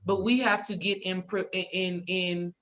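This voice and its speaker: A woman with a bright, forceful voice speaks earnestly in a casual spiritual chat. She repeats phrases as she builds her point and fills gaps with "you know.". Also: fairly low pitch, steady tone, moderate pace.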